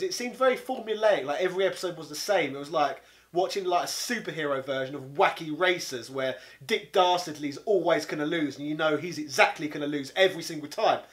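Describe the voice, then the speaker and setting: A man rants comically, sounding indignant and exasperated. His voice sits high and leaps up and down. The tone is of a comic reviewer talking straight to camera. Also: expressive, a little fast, a bit bright. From London, England. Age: 30s. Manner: exasperated, indignant, peppered with 'bloody'. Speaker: video game reviewer. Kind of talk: comedic ranting monologue.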